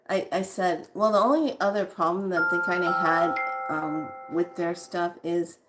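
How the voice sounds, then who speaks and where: A woman chatting casually to her viewers, telling a long story and quoting the people she met. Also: fairly low pitch. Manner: chatty, laughs often, quotes others in voices. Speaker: spiritual vlogger.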